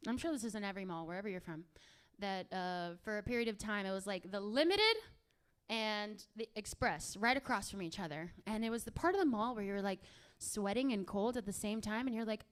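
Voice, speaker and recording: A woman in her thirties from Miami doing a stand-up comedy set, with a crude, animated, swearing storytelling manner. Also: mid-range voice, a little fast.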